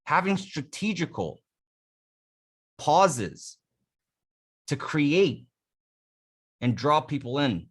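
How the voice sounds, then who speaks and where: A dating coach runs a live class on vocal delivery, demonstrating every technique as he talks in a casual, emphatic way. His husky voice sits on the high side and is very animated, with drawn-out words and long pauses.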